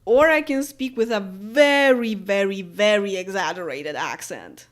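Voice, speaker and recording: She's a YouTuber from Poland in her late twenties, speaking with a Polish accent as she casually responds to comments. The talk wanders, full of fillers and light laughs. Her mid-range voice is lively and unhurried, with hardly any pauses.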